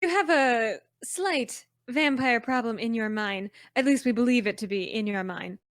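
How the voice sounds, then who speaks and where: High-voiced woman playing her character. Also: moderate pace, dry recording, clean studio sound. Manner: polite and wry, breaks into laughter. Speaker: player. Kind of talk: playing a character in a tabletop game.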